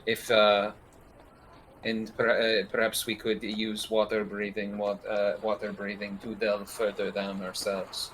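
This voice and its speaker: Low-voiced guy speaking in character at a tabletop game, formal, lots of uhs and restarts. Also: completely flat delivery, a little slow, fairly bright tone, slight background noise, rough recording. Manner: formal, hesitant speech with many restarts. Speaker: player. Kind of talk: in-character tabletop role-play.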